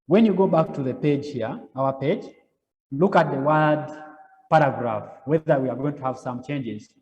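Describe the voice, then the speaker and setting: A man's voice: mid-range voice, moderate pace, darkish tone, highs cut off. Repetitive man lecturing in a hall. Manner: repetitive, step-by-step, frequent "okay?" checks. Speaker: web design lecturer. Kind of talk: live coding lecture.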